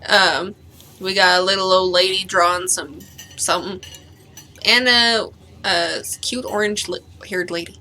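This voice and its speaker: Giggly woman streamer reading a story game, bright voice, faint music. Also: on the low side, fairly even intonation, measured pace. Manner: giggly, does character voices. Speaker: streamer voicing a visual novel. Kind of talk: reading game dialogue aloud with banter.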